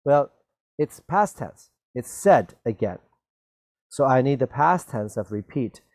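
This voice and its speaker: A patient male teacher leads a children's spelling lesson, spelling words out letter by letter and gently encouraging near misses. He talks in an unhurried, drawn-out way. The recording sounds close and dry. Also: mid-range voice, lively intonation, no room sound.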